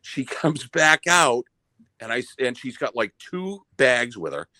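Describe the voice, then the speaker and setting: Male podcast guest with a Boston accent and an average pitch, a profane and stammering storyteller recorded dry. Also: measured pace, no echo. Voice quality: profane, stammering, animated retelling. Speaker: listener telling a story.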